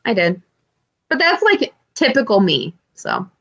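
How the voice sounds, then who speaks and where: A woman's voice: fairly high pitch, wildly swooping pitch, measured pace, a bit bright, lo-fi sound. A woman co-hosting a podcast, telling stories animatedly with swearing and mimicked quotes. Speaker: podcast co-host. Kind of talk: casual chat.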